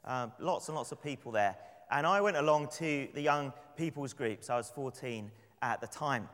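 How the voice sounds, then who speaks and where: A man from London with an English accent, preaching a sermon and telling personal stories in a relaxed, conversational way. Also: medium pitch, normal speed. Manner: conversational, anecdotal, with light laughs. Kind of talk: sermon with prayer and storytelling. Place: church. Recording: long church reverb.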